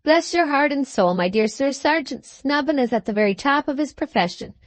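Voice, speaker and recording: Woman doing a brisk, fussy little lawyer, chatty, repeats his pet phrase, lifted pitch. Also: animated, no echo. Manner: brisk, knowing, repeats "my dear sir". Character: bustling little middle-aged male lawyer, fussy.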